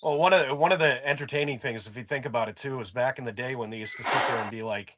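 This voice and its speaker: A man's voice: mid-range voice, quick pace, fairly bright tone, slight background noise. A man co-hosting a casual podcast chat, laid-back and profane as he rants. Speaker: podcast co-host.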